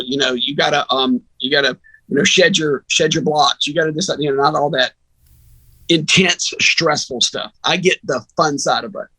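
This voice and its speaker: Bright-voiced man telling a lively story. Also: on the high side, moderate pace, husky, dry recording, poor audio. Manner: animated, chatty storyteller. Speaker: sports radio announcer, podcast guest. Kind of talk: casual storytelling.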